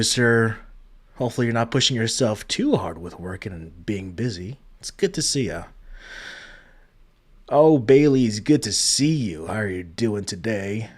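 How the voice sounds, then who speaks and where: A man hosting a casual memorial livestream, greeting viewers in chat one by one, with frequent ums and uhs and a soft, heartfelt manner. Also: fairly low pitch. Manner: trails off with many ums and uhs. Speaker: livestream host.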